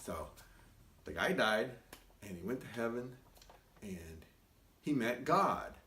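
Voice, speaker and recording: A man pastor telling a joke-story in sermon style, with an animated, dramatic build. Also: lowish voice, takes it slowly, slight background noise. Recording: echoey room, mic far off.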